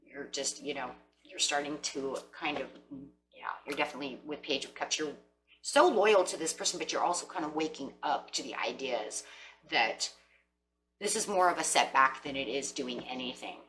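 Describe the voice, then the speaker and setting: Woman, tarot reader, low pitch, speaks to viewers, acts out quotes, faint background hum. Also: normal speed, fairly bright tone, poor audio.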